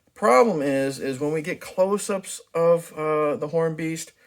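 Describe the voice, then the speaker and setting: A man's voice: a little high, measured pace. A man casually reviewing a movie, talking frankly and chatting loosely with plenty of restarts. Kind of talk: casual spoken film review.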